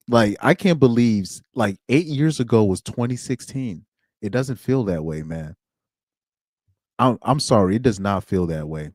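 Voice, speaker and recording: A man's voice: on the low side, lively intonation, a little slow, pauses often, a little mellow, dry recording, studio quality. A young man streaming alone, chatting casually in slang, rambling and laughing as he goes. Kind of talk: casual chat.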